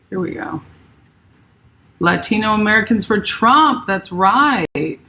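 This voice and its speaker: A woman's voice: deep voice, gravelly, a little hiss or hum. A woman hosting a casual livestream while she paints, thinking aloud and greeting viewers by name. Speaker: livestream host.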